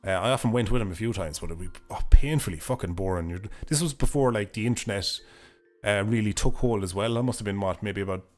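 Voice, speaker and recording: Fast-talking hoarse Irish streamer. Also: male voice, fairly low pitch, darkish tone. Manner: rambling, swears freely, laughs often. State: hoarse, voice failing. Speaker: game streamer. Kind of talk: casual livestream chat while gaming.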